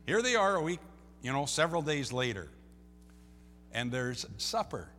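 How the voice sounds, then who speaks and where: A man preaching a sermon as a pastor, swinging between loud and soft and repeating key phrases. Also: a little high, moderate pace, big-room sound, faint music behind. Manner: lively preaching, rising and dropping in loudness, repeats phrases.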